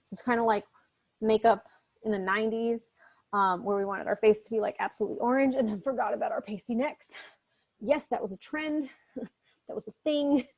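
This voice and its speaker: A woman's voice: a little high, fairly even intonation, fairly quick. Chatty woman lecturing on literature. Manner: casual, chatty, with frequent asides and fillers. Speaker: literature instructor. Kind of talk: recorded lecture reviewing a short story.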